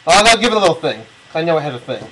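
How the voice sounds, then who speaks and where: A young man with a high, bright voice rambles through a casual explanation while he draws a map, swearing and laughing often. He talks close to a camera mic, and a faint hiss sits under his voice. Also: sing-song, rapid-fire, poor audio. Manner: profane, joking, laughs often. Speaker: video replier. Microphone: camera mic close to the face.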